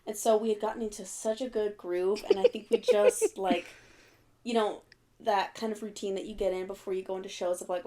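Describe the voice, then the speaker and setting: A young woman who is a podcast guest, chatting casually and telling animated stories with frequent giggles. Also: mid-range voice, fairly quick. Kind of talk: casual chat.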